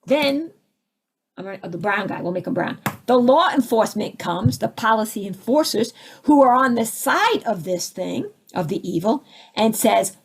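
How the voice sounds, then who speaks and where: A middle-aged woman, a spiritual teacher and counselor, giving an animated talk full of rhetorical questions. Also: high-pitched, normal speed, husky. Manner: animated, acts out quoted voices, rhetorical questions.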